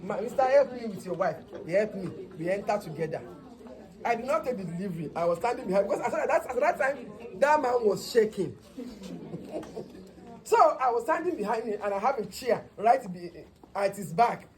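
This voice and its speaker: A woman nurse with a Nigerian accent telling a comic story about her work, in an animated way and mixing in Yoruba words. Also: mid-range voice, a little fast, a crowd in the background.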